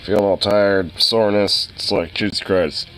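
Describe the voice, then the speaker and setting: A very deep-voiced man talks to himself in a loose, tired way, sighing and cursing under his breath. He keeps complaining that he can't stop yawning and has a runny nose. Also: steady tone, normal speed, fairly bright tone, slight background noise, poor audio. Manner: grumbling, tired, mutters to himself with sighs and curses. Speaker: streamer. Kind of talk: casual solo talk.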